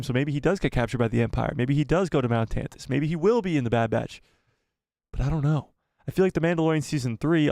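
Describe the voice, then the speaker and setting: A man hosting a casual live stream, talking with excitement and thinking aloud as he rambles. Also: medium pitch, no room sound, studio quality.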